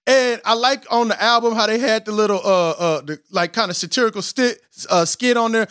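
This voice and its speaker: A man hosting a podcast in a casual, animated way, mocking himself as he tries to rap and then explaining with preacherly emphasis. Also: sits high, fairly quick, clear, resonant tone, no echo, clean studio sound. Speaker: podcast host. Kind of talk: casual podcast intro with attempts at rapping.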